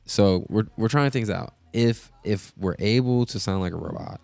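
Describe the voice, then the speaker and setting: A man hosts a casual live stream, rambling along and filling gaps with ums. His voice is deep and smooth with a gravelly edge, and he talks slowly. Faint music plays underneath. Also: a little mellow, no echo. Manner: rambling, many filler words. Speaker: host. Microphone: podcast mixer setup.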